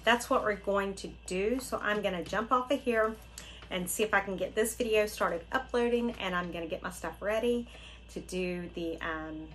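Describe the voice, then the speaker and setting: A woman's voice: medium pitch, moderate pace, a bit bright, a little hiss or hum, poor audio. A middle-aged woman, hosting a casual unboxing vlog and gushing with delight to her viewers. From Florida. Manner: gushing, exclaims often, talks to viewers. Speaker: craft channel host.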